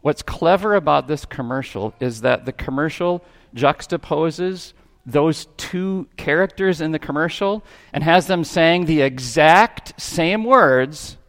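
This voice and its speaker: A man's voice: on the high side, measured pace, fairly bright tone, long reverb tail. A man preaching a sermon in a church, talking in a conversational way and asking his listeners questions. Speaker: pastor. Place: church sanctuary.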